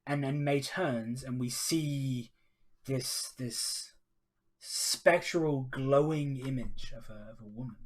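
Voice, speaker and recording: Slow-talking man narrating a solo game. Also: mid-range voice. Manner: casual and hesitant, many ums, talks to chat. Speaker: game master and streamer. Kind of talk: solo tabletop game narration on a live stream.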